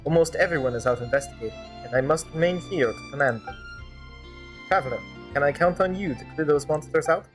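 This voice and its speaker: A woman's voice: soft background music, close to an everyday voice. A woman voicing a stern, serious male guild leader in a fan-dub, with a mock German-turned-Russian accent. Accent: mock German-Russian accent attempt. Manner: grave, measured, lowered voice. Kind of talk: fan-dub voice acting over gameplay.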